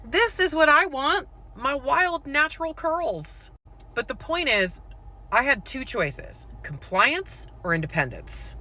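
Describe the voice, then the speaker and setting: A woman's voice: mid-range voice, sharp tone. A woman with school-age children telling a personal story to camera, frank and conversational, full of "like" and "um". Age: adult with school-age children. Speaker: poet and content creator.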